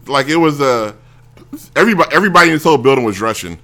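Bright-voiced rambling male storyteller. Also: medium pitch, animated, racing. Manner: rambling, self-interrupting, acts out quoted voices. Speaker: show host. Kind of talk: casual storytelling on a talk show.

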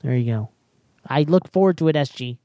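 A woman's voice: low-pitched, lively intonation, fairly quick, warm tone, dry recording. A woman hosting a casual podcast from a headset mic, rambling with lots of fillers and restarts. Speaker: podcast host.

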